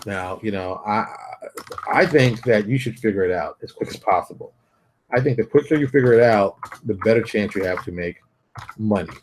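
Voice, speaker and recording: A man's voice: lowish voice, normal speed, slight background noise. A man hosting his own show, ranting bluntly and repeating himself as he mocks others. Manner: brash, repetitive, mocking put-on voices. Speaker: show host. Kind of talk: blunt motivational rant.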